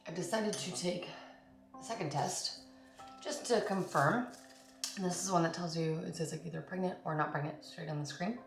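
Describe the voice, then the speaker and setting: A woman's voice: lowish voice, moderate pace, creaky. Chatty woman vlogging in an echoey room. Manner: rambling and chatty, heavy use of "like" and "um". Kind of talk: casual confessional vlog. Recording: echoey room with background music.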